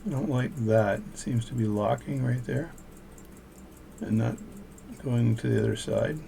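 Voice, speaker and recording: A man's voice: medium pitch, measured pace, vocal fry, warm tone, slight background noise. An older man, a watchmaker, casually talking through his repair work at home and chatting between steps. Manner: casual, chatty, thinks aloud between tasks. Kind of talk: narrating repair work as he goes. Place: home workshop.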